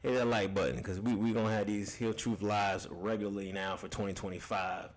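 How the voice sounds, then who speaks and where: A man's voice: lowish voice, flat delivery, fairly quick. A young man hosting a casual gaming livestream, reading chat comments aloud, loose and profane, laughing often and repeating himself.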